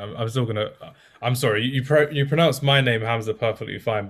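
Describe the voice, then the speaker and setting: A man's voice: medium pitch, brisk. A man hosting a casual football podcast, chatty and self-deprecating, with many fillers. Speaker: podcast host.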